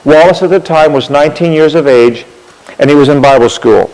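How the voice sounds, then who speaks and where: A man with a slightly raised pitch tells history as a rambling, friendly anecdote. He often repeats a word while he finds the next thought and points things out with props. The sound carries a long, echoing reverb, as if from a large hall. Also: fairly quick, a little mellow. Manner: chatty, repeats words while gathering thoughts; demonstrates with props as he talks. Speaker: speaker telling history. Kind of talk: anecdotal storytelling talk.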